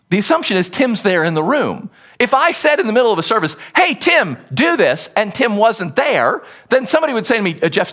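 A middle-aged man delivers a sermon in a lively, conversational style. His voice sits high for a man and swings widely up and down as he acts out quotes and explains the text. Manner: animated, conversational preaching with acted quotes. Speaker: pastor.

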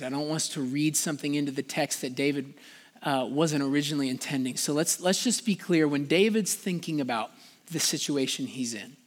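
High-voiced preacher in a reverberant hall. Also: male voice, fairly bright tone. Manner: casual, conversational preaching with frequent "like"; passionate, rising in pitch and volume when pleading. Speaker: pastor. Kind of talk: sermon. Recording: long reverb of a large hall.

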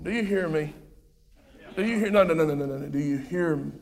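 A man preaching an impassioned sermon, repeating phrases and swinging from shouts to hushed tones. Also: fairly high pitch, fairly quick, vocal fry. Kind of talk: fiery sermon.

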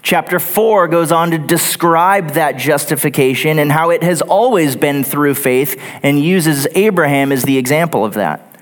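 A man's voice: a little high, moderate pace. A man preaching a sermon in a church, earnest and building his points through lists and repetition. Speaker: pastor. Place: church sanctuary.

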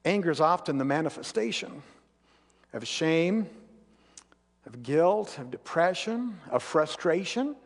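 A man preaching a sermon as pastor, earnest and storytelling, sometimes dropping to quiet intensity. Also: fairly high pitch, sing-song, unhurried, long pauses. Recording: long reverb of a large hall.

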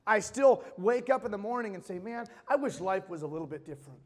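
A male pastor with a high voice preaches to his congregation in a casual, conversational way, voicing the people he quotes. His words ring out with a long reverb from the church hall. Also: animated. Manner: conversational preaching, quick asides and acted-out quotes. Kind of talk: sermon. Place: church sanctuary.

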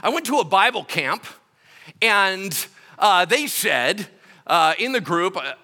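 Middle-aged male pastor, bright and animated storyteller, fairly high voice. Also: slow pace. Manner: animated, acts out quotes with shouts and laughs. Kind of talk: sermon storytelling.

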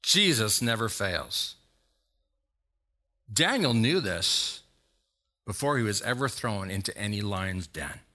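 A male pastor preaching a sermon, retelling a scripture story with dramatic emphasis and sudden loud exhortations. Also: lowish voice, sing-song, slow, long pauses.

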